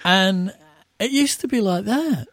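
Guesting on a show, a middle-aged musician wanders through anecdotes from the road, performing the quotes and breaking into laughter. He speaks in a high, expressive, slightly bright voice at an unhurried pace, and the recording is dry.

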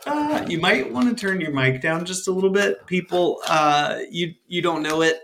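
A man with a fairly high voice co-hosts a laid-back podcast. He rambles through friendly asides and laughs easily as he talks. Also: lively intonation, normal speed, a bit bright, a little hiss or hum. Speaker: podcast co-host. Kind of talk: casual podcast chat.

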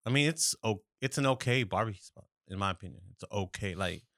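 A man's voice: fairly low pitch, lively intonation, fairly quick, a bit bright, no room sound, studio quality. A man co-hosting a casual podcast, easygoing and agreeable. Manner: laid-back, agreeable, says "dude" often. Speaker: podcast co-host.

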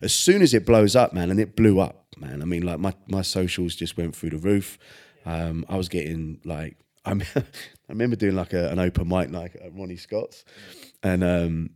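A man's voice: deep voice, moderate pace, hardly any pauses, darkish tone. A man with a laid-back, chatty manner, telling stories as a podcast guest. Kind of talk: casual chat, storytelling.

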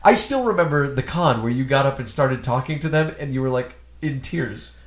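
A man's voice: medium pitch, animated. Joking male podcast host, roomy sound. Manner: joking, quick asides. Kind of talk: casual movie chat. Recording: echoey room.

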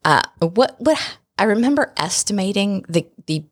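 A woman co-hosting a book club podcast in a studio, chatting casually, working through ideas out loud and laughing often. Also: mid-range voice, animated, normal speed, slightly rough. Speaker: podcast co-host.

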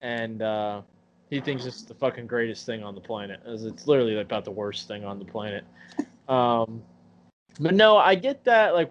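A man in his twenties chatting on a podcast, blunt and full of swearing as he rants through stories. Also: mid-range voice. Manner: blunt, profane ranting storyteller. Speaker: podcast co-host. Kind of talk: casual chat. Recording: muffled recording with faint hum.

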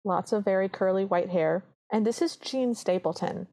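A woman's voice: mid-range voice, moderate pace, dark tone. A woman co-hosting a podcast, chatting casually as she retells a film scene by scene and acts out the characters' lines. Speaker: podcast co-host.

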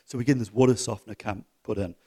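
A middle-aged man preaching a sermon to his church, swinging from loud exhortation to soft, chuckling asides. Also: lowish voice, fairly even intonation, very fast, slightly rough. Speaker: pastor.

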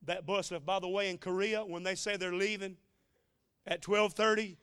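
A man's voice: high-pitched, fairly even intonation, moderate pace, a bit bright, clean tone, no echo, clean studio sound. A man preaching a sermon, telling a story in a folksy, emotional way with joking asides. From United States.

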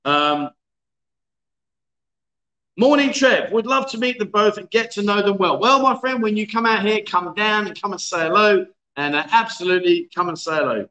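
Reverberant audio carries a high-pitched, sharp-toned voice at normal speed. The speaker, a man in his fifties, hosts a casual livestream from a bar in a city, joking, laughing and reading viewer comments.

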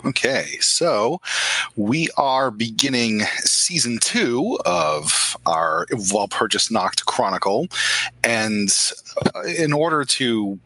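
A man narrating as storyteller for a tabletop role-play game, in a calm, measured way. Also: medium pitch, slightly rough, no echo, low-quality recording.

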